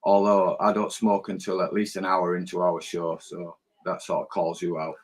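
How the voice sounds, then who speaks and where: A man's voice: sits low, monotone, moderate pace, breathy edge, low-quality recording. A man co-hosting a casual fan podcast, blunt, swearing freely and repeating his words. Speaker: co-host.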